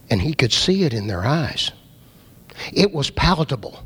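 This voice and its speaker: A man preaching a sermon, dramatic, swinging from loud emphasis to hushed low asides. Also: huge pitch swings, normal speed, husky. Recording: hall reverb.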